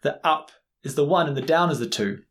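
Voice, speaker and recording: Casual co-host, male, slightly high voice, talks things through and explains loosely. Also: expressive, brisk, a bit bright. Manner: explaining, with many restarts. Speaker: podcast co-host. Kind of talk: casual chat about music and dance.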